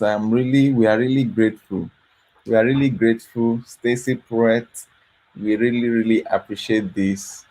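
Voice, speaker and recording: A man's voice: mid-range voice, steady tone, moderate pace, warm tone, poor audio. A man running a foundation, talking earnestly in a late-night video, tired and yawning, repeating his words with gratitude. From Africa. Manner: repetitive, earnest, grateful. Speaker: foundation host.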